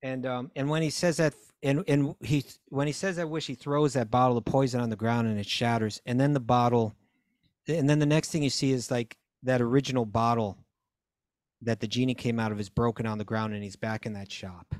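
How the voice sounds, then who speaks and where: A man's voice: medium pitch, steady tone, a little fast, a little mellow, no echo, clean studio sound. A man casually retelling a story on a talk show, acting out the voices and laughs of the characters as he goes. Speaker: podcast co-host.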